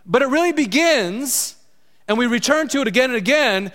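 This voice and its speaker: A man's voice: sits high, animated, brisk, fairly bright tone. A middle-aged man preaching a sermon as pastor, conversational, often asking his congregation questions. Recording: long hall reverb.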